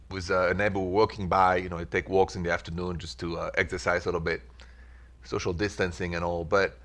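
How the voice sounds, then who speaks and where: French-accented male advice host, lowish voice, relaxed and chatty. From France. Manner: relaxed, chatty, with filler pauses. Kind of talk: call-in advice talk.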